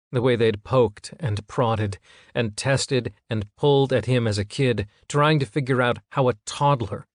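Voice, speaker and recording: A man giving scripted audiobook narration in a steady, even reading. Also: mid-range voice, dry recording, studio quality.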